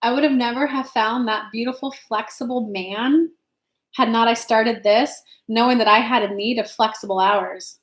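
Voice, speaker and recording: A woman's voice: a little high, steady tone, moderate pace. A young adult woman from the United States hosting a casual live-stream tarot reading, chatty and loose, now and then swearing. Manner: chatty, reads comments aloud, swears casually. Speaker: tarot reader and channel host. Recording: echoey room.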